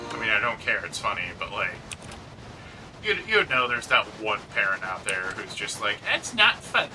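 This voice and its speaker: With music playing in the background, a man with a lowish voice and lively intonation talks at a normal speed. He co-hosts a gaming chat and rambles casually, peppering his speech with "like" and teasing himself, recorded on a distant mic.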